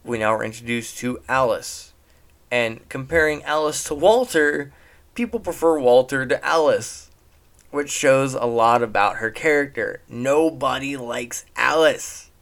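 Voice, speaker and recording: A young man giving a casual, rambling recap of a movie, animated and laughing at the jokes. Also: mid-range voice.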